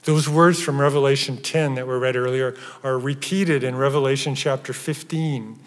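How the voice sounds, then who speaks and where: A man preaching a sermon with emphatic stresses that drop at times to hushed, near-whispered phrases. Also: medium pitch, steady tone, normal speed. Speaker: pastor. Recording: reverberant church hall.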